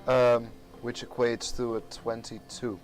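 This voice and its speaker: A man's voice: medium pitch, completely flat delivery, measured pace. A man playing a tabletop game, declaring his moves with lots of hesitant ums. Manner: hesitant, many ums and uhs. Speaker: player. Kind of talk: casual tabletop game play.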